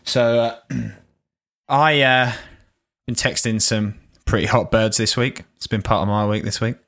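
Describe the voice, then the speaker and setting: A man's voice: medium pitch, unhurried, fairly bright tone. A man co-hosting a podcast, chatting casually and laughing often while he banters. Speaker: podcast co-host. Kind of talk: casual chat.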